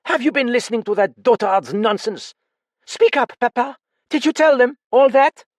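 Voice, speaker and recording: A man reading an audiobook, voicing a cold, sharp-tongued French woman who snaps and snarls in a raised voice. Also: deep voice, big pitch swings, measured pace, no room sound, pitched above the performer's own voice, full character voice. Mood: snarling. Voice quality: frigid, snarling.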